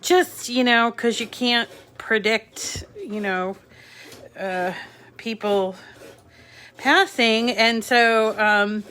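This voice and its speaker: A woman's voice: fairly high pitch, extremely slow, bright, forceful tone, slight background noise. A middle-aged woman hosting a casual live crafting chat from home, chatty and rambling with many fillers. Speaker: crafting channel host. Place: home craft room with dogs and a squeaky toy.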